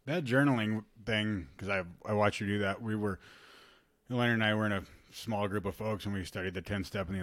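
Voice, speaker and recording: Very deep-voiced, fast-talking man host. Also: dry recording. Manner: halting, reflective, many fillers and restarts. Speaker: podcast host. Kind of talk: conversational chat.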